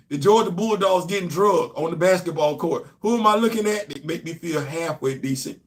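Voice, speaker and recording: A man hosting a casual live-stream show, animated and laughing often as he chats about football. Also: high-pitched, moderate pace, hardly any pauses. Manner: animated, laughing often, Southern colloquial talk. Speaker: show host.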